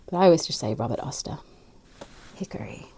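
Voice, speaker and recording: An Australian woman chatting casually and rambling as she swatches inks, with soft murmured asides. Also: lowish voice, normal speed. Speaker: fountain pen ink vlogger.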